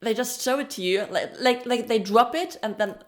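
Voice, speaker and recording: At a moderate pace and with a voice on the high side, a woman co-hosting a podcast chats casually about a TV episode. She fills her review with ums and laughs while telling details.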